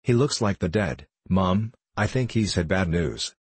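A man voicing a hushed, fretful parlour maid. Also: deep voice, expressive, unhurried, slightly rough, no room sound, exaggerated voice. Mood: anxious. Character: flustered red-haired parlour maid, young woman.

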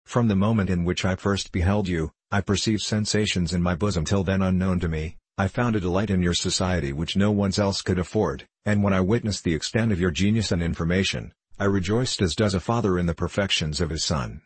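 Guy reading a gentle pious abbot, low husky voice, earnest and soothing. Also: a little fast, few pauses, no echo. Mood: tender. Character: tender, devout older male abbot.

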